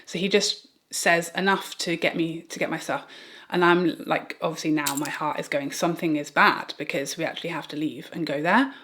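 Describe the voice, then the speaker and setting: A British woman vlogger telling a personal story in a rambling, animated way, with restarts and small laughs. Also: deep voice, moderate pace. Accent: British English. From Britain. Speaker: beauty vlogger. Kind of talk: get-ready-with-me storytime.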